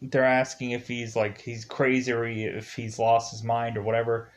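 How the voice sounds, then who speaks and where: A man's voice: medium pitch, completely flat delivery, normal speed. A man giving a casual spoken movie review, retelling the plot in a rambling way with many fillers and restarts. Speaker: film reviewer.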